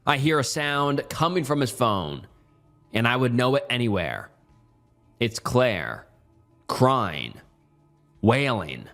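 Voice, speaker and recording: A man narrating a horror story in the first person with measured, somber delivery. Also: medium pitch, big pitch swings, gravelly, a bit bright, faint music behind.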